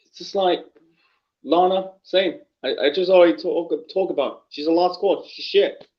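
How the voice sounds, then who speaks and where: A man's voice: high-pitched, normal speed, muffled recording. A man ranting in an unscripted wrestling review, angry and profane, rambling with many restarts.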